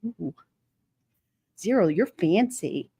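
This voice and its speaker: A woman's voice: fairly low pitch, animated, takes it slowly, vocal fry, warm tone, breathy edge, no room sound. A woman hosting a casual livestream, chatting with viewers in a blunt, playful way and laughing often. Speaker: livestream host. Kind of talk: casual live chat with viewers.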